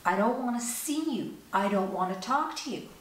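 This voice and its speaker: A woman's voice: fairly high pitch, lively intonation, normal speed, lightly acted. A woman voicing a hostile, swearing young woman who lives on the street, in an echoey room. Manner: curt, swearing, defensive. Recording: echoey room, distant mic, faint hiss.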